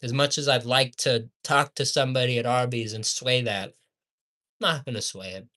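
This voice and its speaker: Foul-mouthed man ranting about fast food. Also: medium pitch, fairly even intonation. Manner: swears constantly, repeats insults, swings from muttering to yelling. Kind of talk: profane ranting review.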